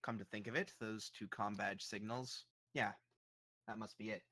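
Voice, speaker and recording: A man's voice: lowish voice, steady tone, moderate pace, pushed and bright, no echo. A man playing in a tabletop role-playing session, chatty and joking. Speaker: player. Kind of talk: casual tabletop chat.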